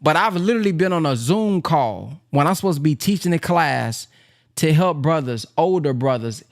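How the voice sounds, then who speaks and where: Lively, animated man talking plainly. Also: fairly high pitch, normal speed, creaky. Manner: animated, plain-spoken, acts out quoted voices. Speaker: minister and business teacher. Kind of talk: casual heartfelt talk to an audience.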